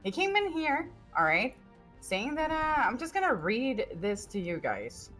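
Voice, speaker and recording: A woman's voice: on the high side, wildly swooping pitch, unhurried, a bit bright, soft background music. A woman streamer in character as a police recruiter, chatting with lots of fillers and restarts and laughing often. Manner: giggly, full of fillers and restarts. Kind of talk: in-character roleplay chat.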